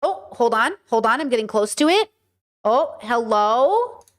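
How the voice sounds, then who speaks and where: A young woman with a high-pitched voice chats casually on a live stream. She rambles, fills her sentences with "like", and talks straight to her viewers in an emotional way. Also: lively intonation, brisk. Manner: rambling, emotional, talks to chat, many fillers. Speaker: podcast host streaming live.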